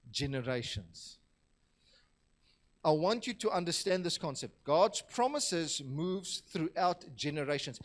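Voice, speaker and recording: A man with a slightly higher-than-usual voice preaches a Sunday sermon in church. He talks in a relaxed, conversational way and drops in light jokes for the congregation. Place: church hall.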